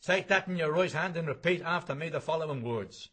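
A man's voice: a little high, fairly quick, pushed and bright, husky, pitched above the performer's own voice. A man reading the part of a jovial pub drinker standing rounds, hearty and teasing.

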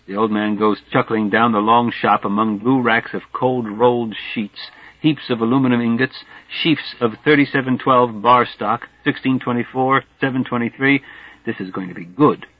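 A man narrating a literary novel as an audiobook in a measured, wry way. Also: medium pitch, no room sound. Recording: dull dry studio sound.

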